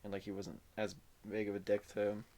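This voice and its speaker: A man's voice: fairly low pitch, monotone, fast talker, mellow. A young man co-hosting a podcast, chatting in a laid-back way with chuckles. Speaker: podcast co-host. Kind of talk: casual chat.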